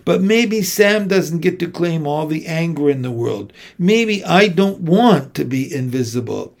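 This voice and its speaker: A man giving a measured, steady first-person audiobook narration. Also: on the high side, gravelly.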